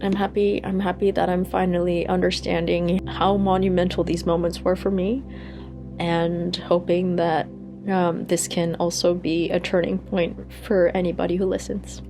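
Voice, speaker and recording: A woman's voice: on the low side, level tone, normal speed, mellow, soft background music. Earnest woman sharing her healing story. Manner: earnest, reflective, with laughs and sighs. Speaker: energy healer. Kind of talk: personal storytelling to camera.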